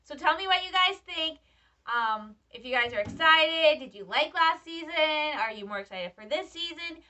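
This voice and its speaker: High, bright young woman vlogger, eager and chatty, mic a bit distant and dull. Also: normal speed. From Michigan. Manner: excitable, chatty fan talk. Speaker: vlogger, student. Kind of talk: casual reaction vlog. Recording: slightly distant, dull lo-fi sound.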